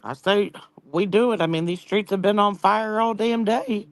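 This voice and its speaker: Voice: mid-range voice, normal speed, no room sound. A livestream panel guest talking in a loose, rambling way, full of fillers. The voice sounds dry and close to the mic. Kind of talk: casual chat.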